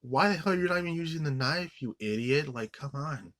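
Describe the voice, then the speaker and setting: A man's voice: on the high side, lively intonation, brisk, fairly bright tone, no echo. Profane ranting man, dry sound. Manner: angry, profane, rambling with many restarts. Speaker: film reviewer. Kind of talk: ranting movie review.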